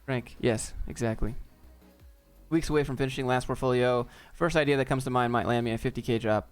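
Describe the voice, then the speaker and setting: A man's voice: medium pitch, a little fast, clean tone, faint music behind. A man hosting a casual live stream and answering viewer chat in a laid-back, joking, off-the-cuff way.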